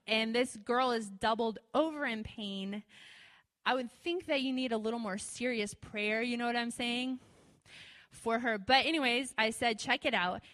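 A woman's voice: a little high, sharp tone, in a large hall. A woman telling a testimony in a loose, conversational way, full of fillers, who acts out her own prayers in a raised voice. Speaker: speaker sharing a testimony. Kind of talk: testimony storytelling.

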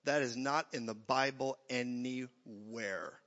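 A man preaching an energetic sermon, joking and acting out voices as he goes. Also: mid-range voice, slow pace. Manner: animated, jokey, acts out voices. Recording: dull echoey hall.

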